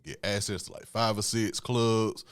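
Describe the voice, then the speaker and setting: A man's voice: lowish voice, steady tone, moderate pace, clear, resonant tone, dry recording, studio quality. A young man hosting a podcast, telling a story in casual, slangy talk and laughing often. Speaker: podcast host.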